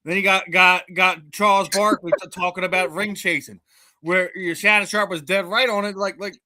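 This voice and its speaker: A man co-hosting a sports podcast, debating in a halting way with frequent restarts that build into emphatic points. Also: sits high, steady tone, pushed and bright. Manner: halting, many restarts, rises when making a point.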